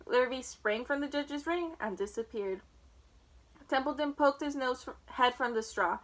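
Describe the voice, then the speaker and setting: A woman reading a children's book aloud with clear, expressive storytelling. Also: high-pitched, measured pace, rough recording.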